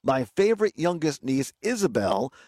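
A man's voice: a little high, big pitch swings, moderate pace, a little mellow, no echo. A man hosting a casual radio talk show outdoors by a lake, upbeat and chatty, laughing easily.

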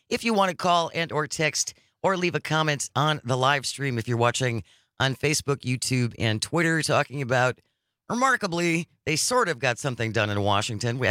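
A male radio host who reads the news with a wry, sarcastic edge. His voice is bright and forceful, and the studio sound is close and dry. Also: medium pitch, no echo. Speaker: radio talk show host. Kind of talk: political talk radio banter. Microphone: studio microphone.

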